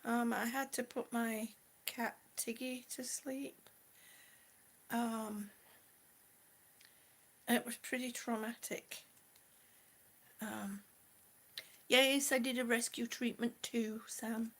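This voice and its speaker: A middle-aged woman chats on a live stream, a little short of breath, with a slightly high voice. She talks slowly and fondly to her viewers and calls them sweetie and honey. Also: steady tone. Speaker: vlogger chatting with live viewers. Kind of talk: casual live-stream chat.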